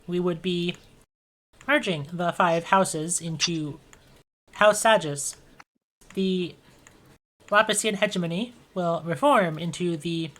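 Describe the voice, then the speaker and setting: A woman game master voicing a pompous propaganda robot advisor that makes slow, formal proclamations. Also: fairly low pitch, fairly bright tone.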